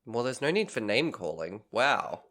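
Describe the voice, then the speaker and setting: A man's voice: medium pitch, big pitch swings, moderate pace, a bit bright. An Australian man co-hosting a podcast, chatting casually and rambling with frequent self-corrections. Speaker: podcast co-host.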